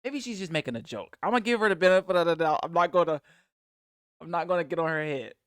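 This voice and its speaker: Lively American reaction host. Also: male voice, a little high, fast, clear, resonant tone, no room sound, studio quality. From United States. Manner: animated, keeps saying "bro" and "man". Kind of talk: casual reaction commentary.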